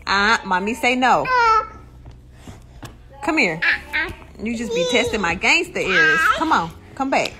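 A woman's voice: a little high, big pitch swings, measured pace, pauses often. A woman filming her children at home, coaxing and teasing them in a playful, casual way. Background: music.

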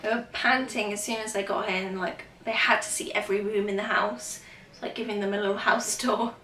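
A woman's voice: mid-range voice, steady tone, fairly quick, bright, forceful tone, slight background noise. A young woman chatting casually to camera at home as a vlogger, rambling with lots of fillers. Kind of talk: casual vlog talk to camera. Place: at home, indoors. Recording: echoey room, mic at a distance.

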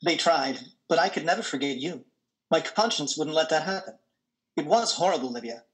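A man's voice: a little high, lively intonation, fairly quick, lightly acted, poor audio. A man playing an earnest transhuman android. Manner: earnest, urgent. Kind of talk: audio drama reading.

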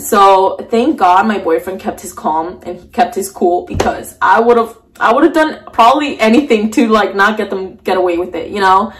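A woman's voice: medium pitch, a little hiss or hum. A young woman retells a scary night in a storytime vlog. She talks in a shaky, emotional way, full of fillers and restarts. She sits on the floor at home, close to the camera mic. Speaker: vlogger.

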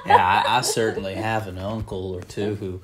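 Texan woman with a very low voice. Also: normal speed. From Texas, United States. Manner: chatty, animated, many fillers. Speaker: reaction video co-host. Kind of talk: casual reaction chat.

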